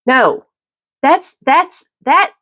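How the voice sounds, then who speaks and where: A middle-aged woman hosting her own podcast, talking through a personal, opinionated monologue in a halting, emphatic way. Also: sits high, expressive, sharp tone. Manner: emphatic, halting with repeated restarts. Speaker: podcast host.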